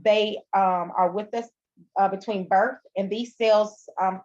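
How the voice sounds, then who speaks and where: A woman's voice: medium pitch, fairly even intonation, a little slow, a little mellow, no echo. A female nursing instructor lecturing and telling a personal story in a conversational, rambling way with many fillers. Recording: dull, dry lo-fi recording.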